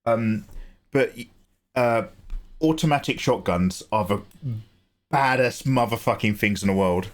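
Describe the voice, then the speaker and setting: An English man hosting a livestream, talking casually in an animated, chatty way, swearing and laughing easily. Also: on the low side, measured pace, pauses often. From England. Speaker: livestream host.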